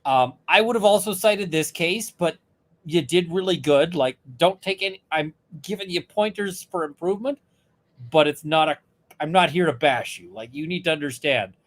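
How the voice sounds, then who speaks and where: A man's voice: fairly high pitch, moderate pace. A man, a lawyer co-hosting a casual chat, telling a courtroom story with lots of fillers and quoted dialogue. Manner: animated retelling with quoted voices, many fillers. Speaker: lawyer, podcast co-host.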